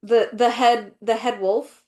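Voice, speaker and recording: Animated woman chatting on a podcast. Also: a little high, takes it slowly. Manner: animated, acts out quotes in voices, many fillers. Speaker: podcast co-host. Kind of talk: casual chat.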